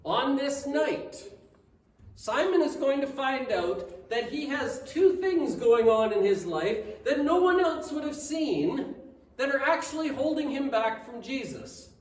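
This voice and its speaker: A man's voice: extremely high pitch, sing-song, slow. A man preaching a sermon as pastor, telling a story with asides and rhetorical questions to the congregation. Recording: echoey room, mic at a distance.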